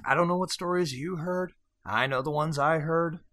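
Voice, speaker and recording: Chatty, bright-voiced male podcast host. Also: on the high side, moderate pace. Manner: chatty and upbeat, with joking asides. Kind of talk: casual podcast intro and announcements.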